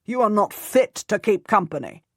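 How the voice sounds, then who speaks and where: A woman's voice: mid-range voice, big pitch swings, moderate pace, husky, dry recording, studio quality, pitched above the performer's own voice. A woman reading an audiobook, voicing a stern older earl who snaps out cold, contemptuous commands.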